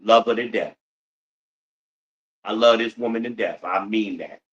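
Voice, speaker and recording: A man's voice: on the low side, measured pace, fairly bright tone, highs cut off. A middle-aged man hosting a podcast in a blunt, profane ranting monologue, full of rhetorical questions to his listeners. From United States. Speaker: podcast host.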